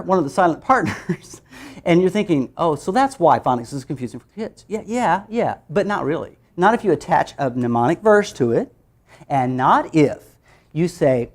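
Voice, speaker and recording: Animated woman teaching phonics sounds. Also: low-pitched, normal speed. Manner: animated, playful, demonstrates sounds aloud, laughs often. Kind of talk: workshop teaching demonstration.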